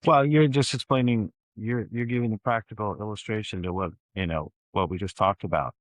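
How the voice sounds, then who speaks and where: A man, a communication scholar, explaining ideas in a measured, reflective way as a podcast guest. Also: fairly low pitch, no echo, rough recording. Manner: measured, explanatory, with frequent restarts.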